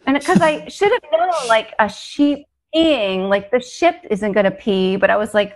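A woman hypnotherapist telling funny stories in a casual interview, animated and laughing often as she acts out quotes. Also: on the high side, measured pace, few pauses. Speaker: hypnotherapist guest.

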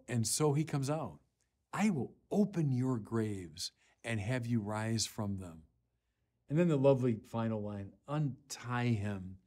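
This bishop's low, dark-toned voice carries a Sunday sermon delivered slowly and deliberately, with earnest phrasing and pauses. He grows more forceful whenever he quotes scripture.

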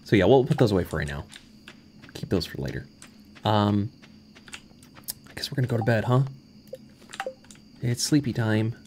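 A man streaming a farming game live, reacting loudly and reading the on-screen text aloud, with frequent laughs and yelps. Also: fairly low pitch, very animated, normal speed, pauses often, slight background noise. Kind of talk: live gameplay commentary.

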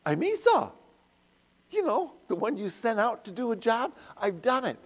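A man voicing an eager grown son in a retold story, with a raised, excited delivery. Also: very high voice, moderate pace, in a large hall, pitched above the performer's own voice, heavily acted.

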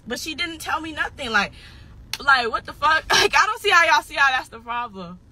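Sounding high, animated and pushed, her bright voice at normal speed, a nineteen-year-old woman rants defensively on a livestream as an online personality. She's upset, swears heavily, says things over and over, and at moments is near tears.

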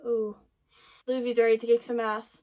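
A woman hosting an anime reaction, talking excitedly over what she watches, gasping, laughing and swearing. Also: a little high, normal speed. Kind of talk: live reaction commentary.

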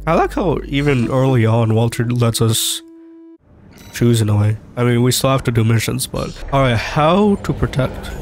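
A man's voice: mid-range voice, animated, normal speed, soft background music. A man with a cold and a nasal, clogged voice, giving jokey, rambling commentary on his gameplay for viewers. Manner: jokey, rambling, talks to viewers while playing. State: stuffy nose from a cold. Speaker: gaming video host. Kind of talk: casual let's-play commentary.

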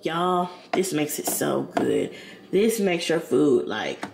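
Speaking slowly in a low, animated voice with vocal fry, a woman chats to camera from her kitchen at home. Her vlog is rambling and full of slang, and she addresses her audience as "y'all" and "girl." Background noise fills the echoey room.

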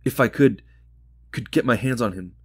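A grieving mother on the edge of rage, as a male narrator voices her, lifted higher and pushed louder than the telling around her. Her words come out raw and bitter, in a dry, close audiobook sound. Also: normal speed, husky, no echo, close to an everyday voice. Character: grieving furious mother, middle-aged woman.

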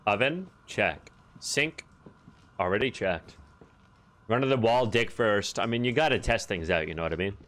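A man with a lowish, fairly bright voice streams a horror game, talking expressively at normal speed. He jokes and swears with his chat in casual gameplay commentary picked up by a desk microphone.

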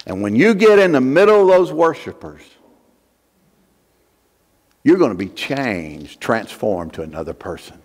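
A pastor voicing an older male prophet, speaking low and steady as he foretells what will come. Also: a little slow, long pauses. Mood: calm prophecy. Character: calm, assured old male prophet. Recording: long church hall reverb.

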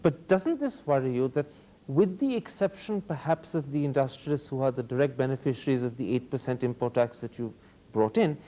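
Indian-accented male host, smooth and probing, warm mid-range tone. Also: mid-range voice, expressive, brisk. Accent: Indian English. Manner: probing, polished, articulate questions. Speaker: TV interviewer host. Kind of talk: formal TV interview.

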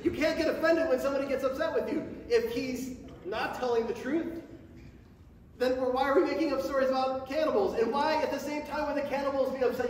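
A man preaching a sermon to a church congregation, who speaks faster and higher when he gets passionate. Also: slight background noise. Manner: speeds up and rises in pitch when passionate. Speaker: pastor. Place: church sanctuary before a congregation. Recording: echoey hall from far off.

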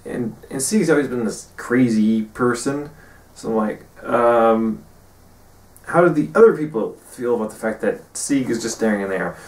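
A man recapping his tabletop game session as game master, rambling with many pauses and fillers. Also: medium pitch. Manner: rambling, many ums, quotes players in brief character bits. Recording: echoey room, far from mic.

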